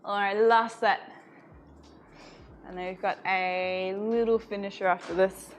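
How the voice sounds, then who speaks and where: Slow-paced woman fitness coach. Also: mid-range voice. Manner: slow, calm cueing with frequent laughter. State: slightly out of breath. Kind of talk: live-streamed workout instruction.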